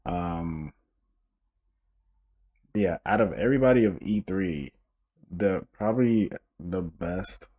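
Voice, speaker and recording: A young man hosts his own podcast, his voice low-pitched and a touch husky. He rants in an animated, joking way, swearing freely and stumbling through restarts. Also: slow pace, pauses often. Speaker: podcast host. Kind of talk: casual solo podcast rant.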